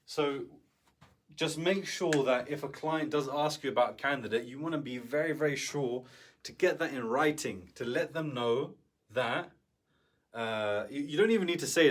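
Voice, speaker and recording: Speaking at a normal speed with a medium-pitched voice, this man coaches on business in an instructional talk. His tone is conversational, and he often tosses in "right?" to check in with whoever is listening.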